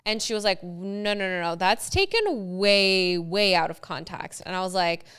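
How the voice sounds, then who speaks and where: A young woman co-hosts a podcast in a casual chat, telling her story in an animated way and acting out what people said. Her voice is bright and very clear, and "like" comes up often. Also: medium pitch, normal speed. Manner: animated storytelling, acts out quotes, frequent "like". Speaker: podcast co-host.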